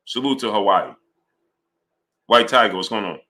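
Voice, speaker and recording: Man, live stream host, lively swooping pitch, bright forceful tone, heated rant. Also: moderate pace. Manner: animated and heated, greets chat names. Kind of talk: live boxing commentary stream.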